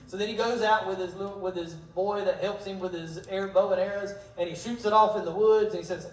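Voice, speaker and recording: A high-pitched man teaching a Bible study in a church hall. He retells scripture in relaxed everyday slang and acts out the characters' lines. He stands far from the mic, in a roomy, echoey space. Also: fast talker. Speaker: pastor.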